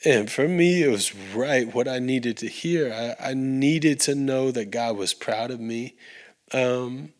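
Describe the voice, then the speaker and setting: A man's voice: medium pitch, slow pace. A man, a podcast guest, sharing his faith story in an earnest, heartfelt way, with restarts and fillers. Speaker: podcast guest, recording artist. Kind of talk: earnest conversational faith testimony.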